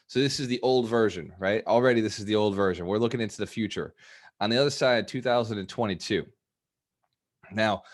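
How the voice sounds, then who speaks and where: A man coaching a live online group, energetic and repetitive, often laughing as he talks. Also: medium pitch. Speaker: business coach.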